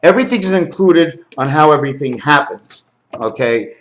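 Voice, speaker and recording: A man talking to his camera in a rambling home video, counting numbers aloud, correcting himself and getting excited over what he finds. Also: on the high side, moderate pace. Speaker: video maker.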